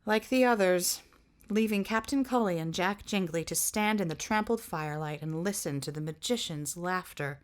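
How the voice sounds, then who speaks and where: A woman reads a fantasy novel aloud, narrating in a measured, expressive manner. Her delivery is that of a storybook reader taking her time over each passage. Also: lowish voice.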